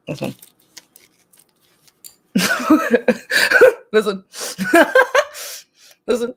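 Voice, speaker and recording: A woman's voice: mid-range voice, expressive, slow pace, creaky, pauses often. A woman hosting a casual livestream chat and reading the comments, blunt and talkative, who laughs often and swears freely. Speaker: host.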